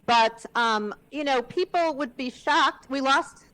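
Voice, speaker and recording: A woman hosting a panel conversation on a video call, chatty and relaxed, with many fillers. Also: high voice, slow pace, rough recording. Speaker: film director hosting the panel.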